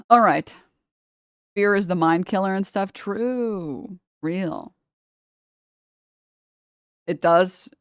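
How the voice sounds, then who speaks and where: A woman livestreamer chatting casually with her viewers and reading chat, rambling and animated, laughing often and swearing freely. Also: medium pitch, drawn-out words, long pauses, clear, resonant tone, no echo, clean studio sound.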